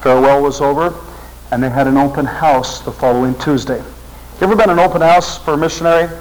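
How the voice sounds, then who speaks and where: Earnest storytelling man, slightly high voice. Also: rough recording. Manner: earnest storytelling, voice rising with emotion. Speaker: seminary teacher and speaker. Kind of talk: storytelling talk to a religious audience.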